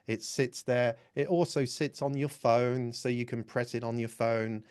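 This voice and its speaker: A man's voice: medium pitch, steady tone, measured pace, a little mellow, clear, resonant tone. A man presenting a live webinar, explaining step by step in a casual way. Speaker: workshop presenter.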